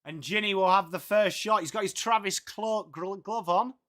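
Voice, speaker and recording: Chatty high-voiced male stream commentator. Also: moderate pace, a bit bright. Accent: English. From England. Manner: chatty, reads viewer comments aloud, swears casually. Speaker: live stream host commentating football. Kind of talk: casual live watchalong commentary.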